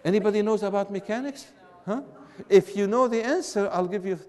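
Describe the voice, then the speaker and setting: A man, teaching a class in an emphatic, animated way and repeating his points. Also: high voice, brisk, big-room sound. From Syria. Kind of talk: classroom lecture with banter.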